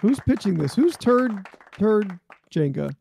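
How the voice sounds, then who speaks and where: Gravelly dark voiced guy, wry swearing banter while gaming. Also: high-pitched, very animated, slow, a faint crowd, a little hiss or hum. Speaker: game player. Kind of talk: casual gaming chat.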